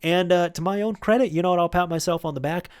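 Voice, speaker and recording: A man's voice: high-pitched, fast, a little mellow, clear, resonant tone. A man tells a story from his old job in a loose, chatty vlog style. He keeps adding fillers and restarting his sentences. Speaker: YouTube host.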